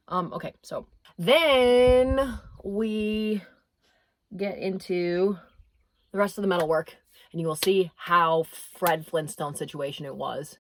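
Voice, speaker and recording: A woman's voice: fairly low pitch, takes it slowly, slight background noise. A young woman vlogging in a rambling, self-deprecating, chatty way. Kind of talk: casual chatty vlog narration.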